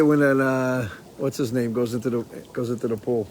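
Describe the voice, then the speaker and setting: A man's voice: mid-range voice, normal speed, slight background noise, low-quality recording. A man hosting a casual live stream from a porch, rambling and swearing while he tells stories, a little stoned. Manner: rambling, profane, animated storytelling. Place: outdoors on a porch.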